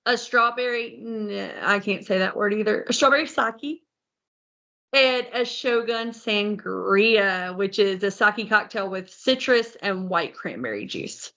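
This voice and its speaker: A woman's voice: mid-range voice, measured pace, a bit bright, dull audio. A woman co-hosting a podcast in casual chat, reading out a menu and tripping over foreign names, laughing at herself. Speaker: podcast co-host.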